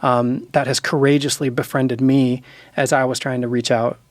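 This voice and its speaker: A man's voice: medium pitch, flat delivery, normal speed, dry recording, clean studio sound. A man in his forties, an author and pastor, talking earnestly and with emotion about friendship and apology. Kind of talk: heartfelt conversation.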